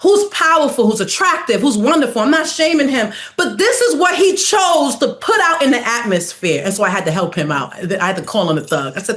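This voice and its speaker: A woman's voice: mid-range voice, very animated, brisk, a bit bright. A woman in her forties from New York City, a podcast guest talking in a casual, outspoken way. She laughs often and acts out other people's voices in her stories. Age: 40s.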